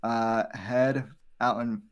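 A man's voice: mid-range voice, steady tone, takes it slowly, clear, resonant tone. A man co-hosting a casual podcast, hesitant, full of fillers and restarts. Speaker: podcast co-host. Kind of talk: casual chat.

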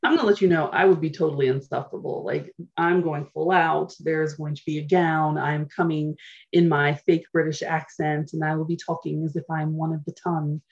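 A woman's voice: deep voice, fairly even intonation, normal speed, a little mellow. A woman co-hosting a podcast in casual chat, frank and playful, often poking fun at herself. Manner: frank, playful, self-mocking. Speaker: podcast co-host. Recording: dull lo-fi sound.

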